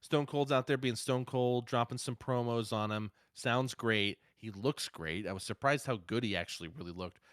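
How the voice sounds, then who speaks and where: A man co-hosting a casual wrestling podcast, speaking at a middle pitch. He is excitable and swears freely, jumping from loud bursts to low asides. The recording is dry and close, with no room sound. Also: normal speed, hardly any pauses, dry recording. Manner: excitable, profane, swings loud and soft. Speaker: podcast co-host.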